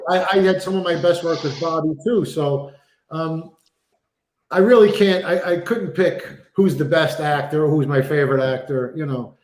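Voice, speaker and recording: Animated New man, echoey room. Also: fairly high pitch, normal speed. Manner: animated storyteller, many fillers. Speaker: actor guest. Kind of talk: casual interview chat. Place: remote video call.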